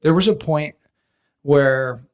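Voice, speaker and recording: A middle-aged man, a guest and former hockey analyst, chatting in a studio in a relaxed way and laughing often. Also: a little high, slow pace, clear, resonant tone. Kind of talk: casual studio chat. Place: podcast studio.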